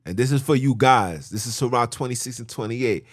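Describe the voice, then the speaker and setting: A man's voice: medium pitch, fairly quick, dry recording, studio quality. A man hosting a podcast, reading scripture aloud and preaching on it in a blunt, emphatic, repetitive, informal way. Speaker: podcast host teaching scripture.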